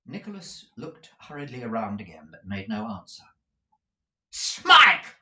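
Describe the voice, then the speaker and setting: A man reading a classic novel aloud as an audiobook narrator, slow and expressive. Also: fairly low pitch, echoey room. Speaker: audiobook reader. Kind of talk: scripted narration.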